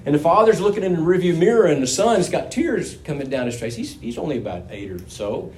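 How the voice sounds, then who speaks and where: A man's voice: a little high, sing-song, fairly quick, darkish tone, a little hiss or hum. A man preaching a sermon to his congregation in a conversational, folksy manner, with asides to the listeners.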